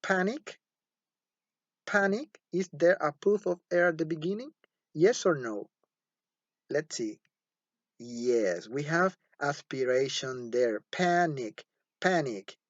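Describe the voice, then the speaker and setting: Taking it slowly in a mid-range voice, a teacher works through a phonetics lecture, repeating words patiently. "Okay?" comes up often as he checks on the class; the recording is dull, lo-fi and dry, without room sound.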